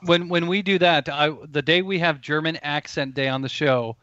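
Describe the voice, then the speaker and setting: An easygoing man makes wry remarks in casual podcast chat. His voice sits a bit high, and the sound is dry and somewhat muffled. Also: fairly even intonation, normal speed, fairly bright tone, smooth, no room sound. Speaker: podcast co-host.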